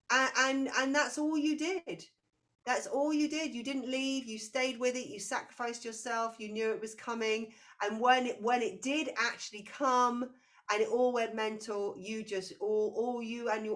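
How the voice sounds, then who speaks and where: A woman giving a past-life reading to a client, talking intensely and circling back as she searches for words. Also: sits high. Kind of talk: spiritual reading session.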